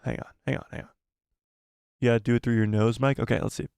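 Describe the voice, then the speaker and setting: A man's voice: mid-range voice, fairly even intonation, quick pace, creaky, darkish tone, smooth, dry recording. A man hosting a casual live stream, reading viewer messages in a jokey, self-deprecating, rambling way into a close microphone. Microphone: close desk microphone.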